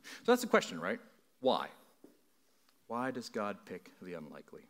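A man's voice: on the low side, huge pitch swings, normal speed, fairly bright tone. Earnest male pastor preaching. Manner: earnest, building emphasis through repetition; conversational asides with frequent "right?". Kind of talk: sermon.

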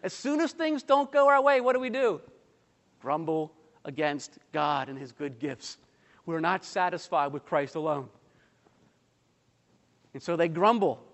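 A man preaching a sermon in a high, light voice that rings out with a long hall reverb. He presses his points with emphatic rhetorical questions to the congregation and slips in light humorous asides. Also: lively intonation, a little slow, pauses often. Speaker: pastor.

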